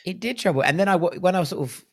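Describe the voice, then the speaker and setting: A man in his thirties hosting a football podcast, relaxed and jokey, reading out listener comments. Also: sits high, quick pace. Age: 30s. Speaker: podcast host. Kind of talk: casual football podcast chat.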